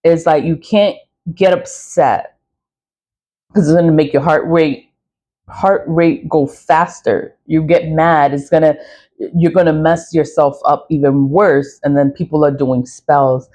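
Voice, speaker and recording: A woman's voice: deep voice, fairly even intonation, a little slow, mellow. A woman talking in a casual rambling monologue, swearing freely, repeating herself and laughing often. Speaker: spiritual product vlogger.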